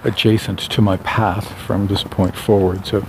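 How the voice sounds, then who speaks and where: A man's voice: low-pitched, flat delivery, unhurried. Wry, rambling man talking on a walk. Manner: meandering, self-correcting, wry. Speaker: novelist. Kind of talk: casual rambling monologue on a walk. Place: outdoors on a town street. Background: faint traffic.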